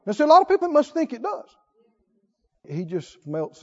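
Male preacher, sermon, rhetorical questions, emphatic repetition; high, animated voice; dull lo-fi recording. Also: moderate pace, pauses often.

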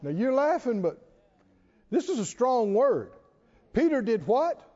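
Through dull, lo-fi audio and the long reverb of a large hall, a man preaches in a high, warm, mellow voice that swings widely in pitch. He leans hard on words with slow, drawn-out stresses and chuckles occasionally.

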